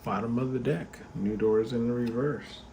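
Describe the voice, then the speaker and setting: The tarot-reading channel host sounds tired as he chats informally with viewers, using many fillers and talking to them directly. His medium-pitched voice is creaky and moves at a moderate pace, with steady background noise throughout.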